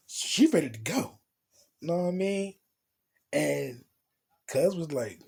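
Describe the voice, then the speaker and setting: A man's voice: a little high, expressive, takes it slowly, vocal fry, long pauses, darkish tone, husky. A young man telling a loose, profane story in casual street slang, as a vlogger.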